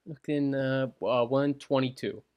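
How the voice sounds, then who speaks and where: A man's voice: medium pitch, fairly even intonation, a little slow, darkish tone, smooth. A man co-hosting a movie podcast, telling chatty stories. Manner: chatty, nostalgic storytelling. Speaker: podcast co-host. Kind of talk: casual podcast chat.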